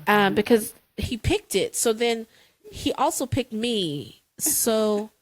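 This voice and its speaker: A woman's voice: on the high side, lively intonation, slow pace, dry recording, poor audio. A woman co-hosting a casual chat, telling a story dramatically with playful exasperation. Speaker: podcast co-host.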